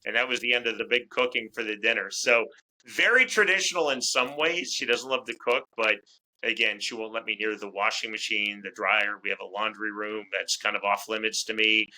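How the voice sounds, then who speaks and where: Bright-voiced chatty man. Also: on the low side, a little fast, rough recording. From United States. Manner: talkative, repeats words as he restarts. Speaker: fight commentator, interview guest. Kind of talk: casual interview chat.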